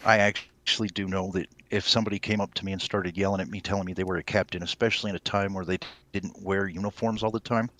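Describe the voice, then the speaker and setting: A man's voice: low-pitched, steady tone, brisk, a bit bright, slight background noise. A man, a player in a tabletop role-playing game, explaining what his character does and how military rank works.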